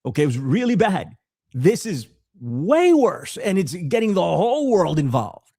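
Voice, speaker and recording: A man hosting a podcast, giving casual political commentary in an animated way with frequent stammered restarts. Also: sits high, unhurried, slightly rough, no echo, clean studio sound. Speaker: podcast host.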